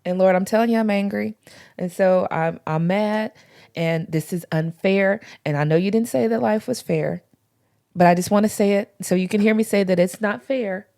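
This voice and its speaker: A woman's voice: mid-range voice, normal speed, gravelly, a little mellow. A woman talking earnestly about faith in a casual podcast chat, with informal slang. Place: podcast recording.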